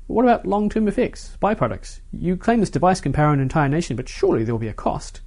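A man's voice: on the high side, sing-song, quick pace, a little mellow, voice pushed up. A man voicing an earnest young woman reporter who presses hard with her questions. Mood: pressing.

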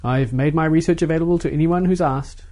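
A man playing a smooth, evasive professor who reassures the press and defends his work. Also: a little high, fast, dark tone, voice pushed up, natural voice. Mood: reassuring.

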